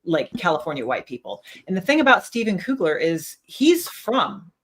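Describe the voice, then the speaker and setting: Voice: mid-range voice, sing-song, moderate pace, fairly bright tone. Casting: casual livestream panelist, thoughtful, hedges often. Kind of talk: casual chat.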